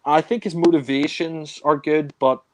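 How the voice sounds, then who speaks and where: A man's voice: a little high, fairly even intonation, moderate pace, darkish tone, dry recording. A man co-hosting a casual film discussion, rambling with many fillers, laughing and swearing. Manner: mimics characters in raised voice. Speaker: film review co-host.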